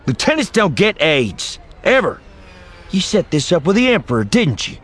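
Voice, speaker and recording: A man's voice: high-pitched, big pitch swings, a bit bright, pitched above the performer's own voice, exaggerated voice. A man doing a hot-tempered young cadet. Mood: furious. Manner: earnest, quick to anger. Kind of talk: audiobook character voice.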